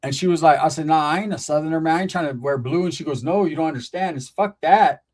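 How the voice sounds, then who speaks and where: A man with a slightly raised voice, hosting a laid-back streamed chat show. He tells his stories in loose, profane street slang, full of asides and animated turns. He grew up in Northern California. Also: fairly high pitch, quick pace. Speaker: podcast host. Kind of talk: casual storytelling chat. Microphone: streaming setup.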